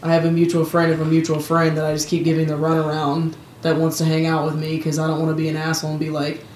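Female podcast co-host, lower voice, blunt and profane, echoey room. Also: monotone, quick pace, darkish tone, slight background noise. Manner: blunt, swears freely, laughs at herself. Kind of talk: casual chat.

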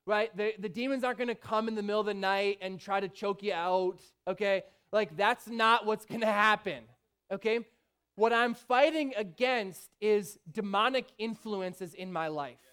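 A man preaching a sermon in a church, lively, rising toward a shout, peppered with rhetorical questions. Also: high-pitched, clean tone. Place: church sanctuary. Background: faint instrument music.

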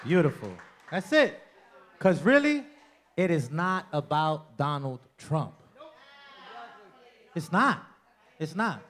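Loud, profane man doing stand-up. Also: fairly high pitch, big pitch swings, takes it slowly, long pauses. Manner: loud, profane, crowd-working, mocking impressions. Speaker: stand-up comedian. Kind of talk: stand-up comedy set. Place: comedy club with bar.

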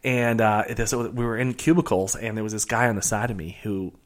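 A man guest on a podcast, telling a story in a casual, animated way with many restarts. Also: fairly low pitch, a little fast. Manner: animated, lots of fillers and restarts. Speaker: podcast guest, real estate investor.

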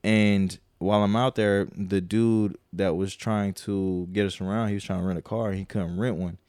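A man's voice: fairly low pitch, fairly even intonation, moderate pace, darkish tone, smooth, no room sound, studio quality. A man co-hosting a podcast, telling a long, profane story in a casual, rambling way and quoting people as he goes. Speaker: podcast co-host.

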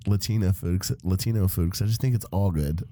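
A man's voice: low-pitched, quick pace, mellow, no echo, studio quality. A man co-hosting a casual podcast, easygoing and stumbling into his points. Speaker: podcast co-host. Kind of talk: casual chat.

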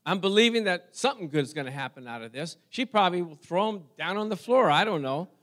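A man preaching a sermon, telling a personal story to his congregation in an animated way and talking directly to them. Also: sits high, fast.

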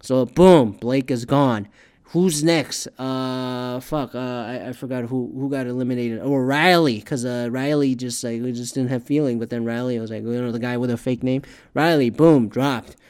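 A man's voice: medium pitch, steady tone, normal speed, smooth. Profane rambling man ranting casually. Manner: profane, rambling, gets loud and worked up.

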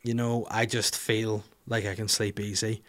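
A man's voice: on the low side, measured pace. Northern irish guy on a podcast, rambling sweary story, pokes fun at himself. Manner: animated, sweary, self-mocking storyteller. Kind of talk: casual storytelling chat.

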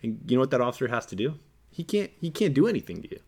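A man's voice: mid-range voice, very animated, rapid-fire, a little mellow, slightly rough. A man talking as a podcast guest, earnest and preachy, repeating phrases for emphasis and acting out quoted lines. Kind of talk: casual podcast discussion.

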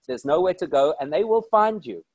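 Male rabbi, animated storyteller, a touch high-pitched, dry close sound. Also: brisk, breathy edge, dry recording, muffled recording. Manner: animated, emphatic storyteller with rhetorical questions. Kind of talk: inspirational storytelling talk.

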